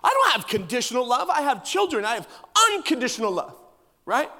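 A man's voice: very high-pitched, very animated, brisk, sharp tone, long reverb tail. A man preaching a sermon as pastor, emphatic and humorous.

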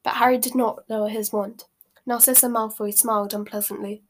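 A woman's voice: mid-range voice, fairly quick. Woman reading a novel aloud. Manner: steady expressive narration. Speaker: reader.

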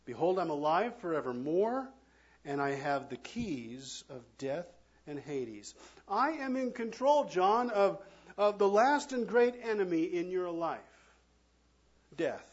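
A man preaching a sermon as pastor, swinging from loud, emphatic lines to hushed, near-whispered ones. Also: sits high, big pitch swings, slow pace, husky, dull audio.

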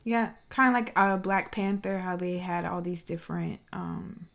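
A woman's voice: on the low side, moderate pace, gravelly. A woman from South Carolina speaking earnestly and reflectively in a casual discussion. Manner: reflective, earnest personal account.

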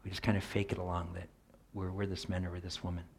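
A middle-aged man preaching a sermon in an earnest voice, swinging from loud emphasis to soft near-whispered asides. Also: low voice, monotone, fast, a little hiss or hum.

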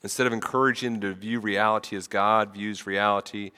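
A man's voice: lowish voice, steady tone, fairly quick, sharp tone, clean tone, big-room sound. A man preaching a sermon with a head cold, talking conversationally and often repeating words as he starts sentences. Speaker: pastor.

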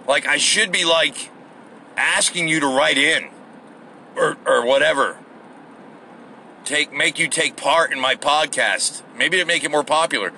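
A man with a bright, somewhat high voice and lots of gravel in it, rambling through a solo podcast from his car. He swears freely and pokes fun at himself. Faint traffic hum sits behind him. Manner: profane and self-deprecating. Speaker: podcast host. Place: car, on the drive to work.

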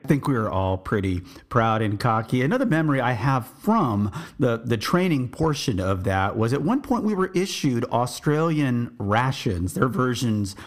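A man's voice: medium pitch, very animated, moderate pace, few pauses. A man from Texas, an army veteran hosting a podcast, telling his service memories in a reflective, meandering way with frequent restarts. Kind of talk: storytelling memoir.

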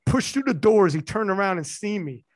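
A man's voice: sits high, sing-song, normal speed. A man in his forties, talking candidly and with emotion in a casual chat, swearing often.

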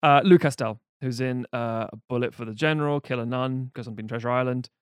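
Fast-talking man, dry close mic. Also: mid-range voice, steady tone, clean tone, no echo. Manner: fast, joking, sweary storyteller. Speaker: podcast co-host pitching a film. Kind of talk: casual chat, swearing. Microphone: podcast mic.

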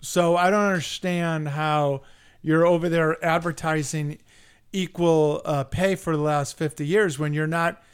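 A middle-aged man hosting a casual sports podcast, telling a heated story in a profane, animated way. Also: a little high, a little slow, clear, resonant tone. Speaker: podcast host.

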